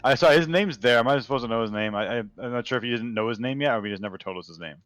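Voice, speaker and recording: A man's voice: mid-range voice, very fast, fairly bright tone, no echo, soft background music. A man playing a tabletop role-playing game, joking and teasing the game master. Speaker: player.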